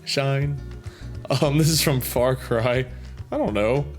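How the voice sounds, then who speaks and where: A man reading viewer comments aloud in casual chat, goofy and prone to loud silly outbursts, with a slightly sore throat. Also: mid-range voice, slow, faint music behind.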